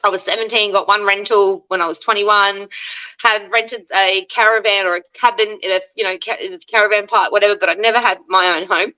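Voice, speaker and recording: A woman in her thirties with an Australian accent shares her life story in a chatty, candid interview. Her voice sounds bright and forward, and she acts out the lines she quotes. The recording is a little dull and lo-fi. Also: mid-range voice, fairly even intonation, a little fast. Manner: chatty, acts out quoted dialogue, laughs often.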